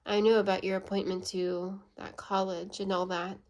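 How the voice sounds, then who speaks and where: Give me a woman doing a blunt, proud English gentleman for an audiobook, scolding and sarcastic. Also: mid-range voice, flat delivery, normal speed, a little hiss or hum, close to an everyday voice.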